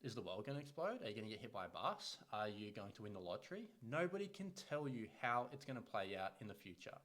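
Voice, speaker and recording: A man's voice: on the low side, sing-song, fast, fairly bright tone. A man, in his thirties, talking as a health coach in a podcast monologue, blunt and profane, hammering points by repeating phrases. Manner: blunt and profane, swears freely; emphatic, repeats phrases for punch.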